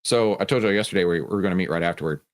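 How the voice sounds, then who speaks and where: Deep-voiced and talking very fast, a Texan livestream host keeps the chat casual and full of jokes. He says hello to viewers by name.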